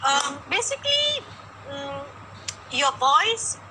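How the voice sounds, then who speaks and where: A woman's voice: high voice, very animated, slow pace, background noise. A woman, a vocal coach talking casually and emphatically in mixed Malay and English, asking rhetorical questions.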